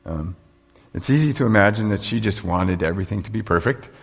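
A man's voice: on the low side, fairly quick, gravelly, husky. A man preaching a sermon in a conversational way, with rhetorical questions and casual fillers.

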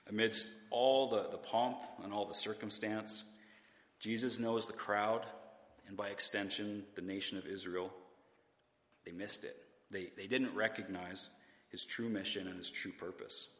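A man's voice: lowish voice, steady tone, a little slow, fairly bright tone. Man preaching in an echoey church. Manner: conversational, rhetorical questions, occasional restarts. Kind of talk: sermon. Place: church sanctuary.

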